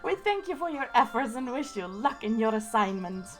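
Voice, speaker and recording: A woman voicing a regal queen from a game who rolls her R's and reads a royal letter slowly. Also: on the high side, very animated, faint music behind. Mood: stately. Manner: slow, stately reading of a royal letter. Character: regal imperial queen with rolling R.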